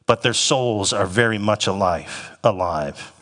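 A man's voice: on the low side, fairly bright tone. Emphatic male pastor in a reverberant hall. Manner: emphatic, slows down to stress scripture phrases. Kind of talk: sermon.

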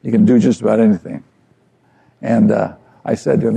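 An older man, a pastor delivering an earnest, conversational sermon with a gravelly voice and repeated phrases. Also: on the low side, flat delivery, fairly quick, dark tone.

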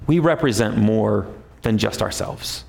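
A man preaching a sermon, emphatic, rising often to a high, forceful pitch. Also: measured pace, gravelly. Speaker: pastor.

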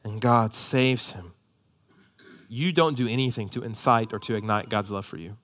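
A man in his thirties, a pastor preaching a sermon, swinging from loud emphasis to hushed near-whispers. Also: fairly low pitch, moderate pace.

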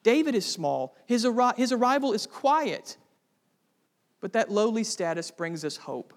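Man, high voice, preaching, earnest, fervent emphasis, echoing church sanctuary. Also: big pitch swings, measured pace. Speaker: pastor. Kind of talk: sermon.

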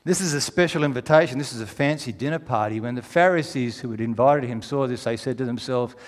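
A man preaching a sermon, telling a story with animated, rising delivery that climbs to near-shouting at its peak. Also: mid-range voice, fast, in a large hall.

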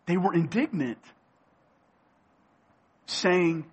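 Emphatic male preacher with a raised pitch. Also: a bit bright. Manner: emphatic, repeats key phrases, slows down for weight. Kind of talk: sermon.

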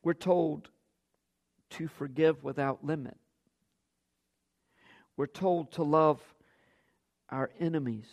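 A man's voice: fairly high pitch, steady tone, slow, long pauses, a little mellow. A man preaching a sermon as pastor, acting out quoted lines with big jumps in his voice.

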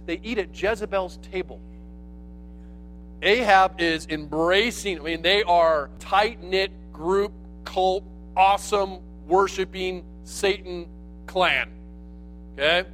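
A male pastor retells a scripture story in a loose, conversational way, with slang and quick asides. His voice sits high for a man. A faint musical bed plays underneath. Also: fairly bright tone, soft background music. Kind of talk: sermon, casual storytelling.

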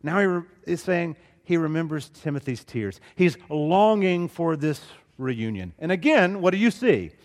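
A middle-aged Southern pastor delivers an earnest sermon, his pitch rising and falling in lively arcs. He leans into big emphatic lines and then drops to near-whispered asides. A long hall reverb trails every phrase. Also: normal speed, few pauses. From Southeast Alabama, US. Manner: earnest, expressive preaching, swings between loud and hushed.

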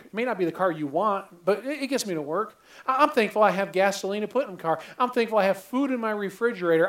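A man preaching a sermon earnestly, often repeating phrases and stumbling over his first words. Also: high voice. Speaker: pastor.

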